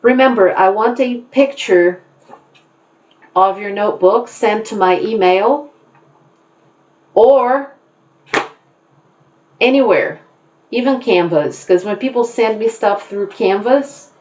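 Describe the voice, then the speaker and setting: A woman's voice: mid-range voice, darkish tone, highs cut off. A woman teacher speaking directly to her class, giving plain instructions and repeating key points.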